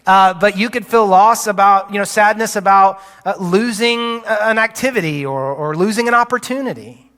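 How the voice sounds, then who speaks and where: A male pastor preaching a sermon, conversational and teaching, with quick asides, recorded live in a church auditorium on a stage mic. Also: high-pitched, pushed and bright. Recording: live church hall reverb.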